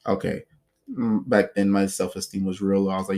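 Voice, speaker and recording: A man talking straight into his own podcast, recounting his life in a loose, unscripted monologue. He is blunt and swears freely. He stays animated throughout and acts out other people's words as he goes. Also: deep voice, brisk. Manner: blunt, profane, animated retelling with acted quotes. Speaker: podcast host. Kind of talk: casual storytelling monologue.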